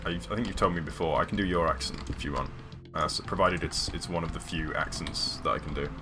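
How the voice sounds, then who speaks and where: A fast-talking man with a bass voice chats casually while live-streaming a game, with background music playing. He rambles hesitantly, full of ums, fillers and restarts.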